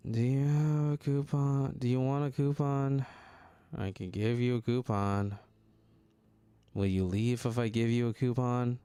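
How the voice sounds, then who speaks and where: Man doing a deadpan bored cashier, unbothered, slow, dry sound. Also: mid-range voice, clean tone, no room sound, lightly acted. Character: adult woman, a bored, self-loathing store cashier. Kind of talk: reading a dating-game script aloud.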